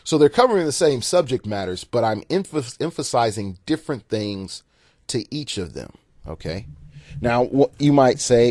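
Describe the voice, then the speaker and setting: A man's voice: medium pitch, big pitch swings, normal speed, a little mellow, dry recording. A man hosting a solo podcast and coaching gamers in a rambling, casual monologue, repeating words and chuckling at his own jokes. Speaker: podcast host and game coach.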